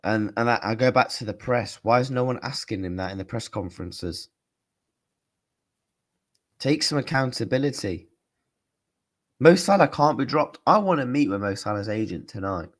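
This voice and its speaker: Lively man streaming. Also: mid-range voice, moderate pace, long pauses. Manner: chatty, lively asides to viewers. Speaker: streamer hosting a reaction stream. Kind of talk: casual live-stream chat.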